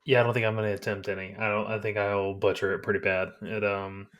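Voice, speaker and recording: A man's voice: on the low side, flat delivery, quick pace, a bit bright. A man co-hosting a movie podcast, telling stories in a laid-back, casual way. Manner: laid-back storytelling with fillers. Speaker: podcast co-host. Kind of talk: casual chat.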